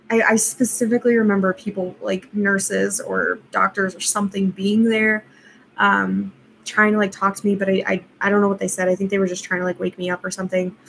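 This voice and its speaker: A young woman tells a personal story straight to the camera in a casual, rambling way, full of "like" and "um". Her voice sits at an ordinary middle pitch. She laughs at her own slips, and faint room noise hums underneath. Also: vocal fry, a bit bright, low-quality recording. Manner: rambling, filler-heavy, laughs at herself. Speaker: vlogger.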